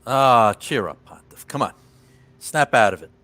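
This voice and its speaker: A man's voice: medium pitch, animated, unhurried, bright, forceful tone, slight background noise. A man joining a casual livestream as a guest, bantering and teasing the host.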